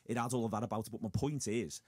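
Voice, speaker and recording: A fast-talking man hosts a football podcast. His voice sits low, and the studio sound is dry. He speaks in animated bursts full of restarts. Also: breathy edge, no room sound. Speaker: podcast host.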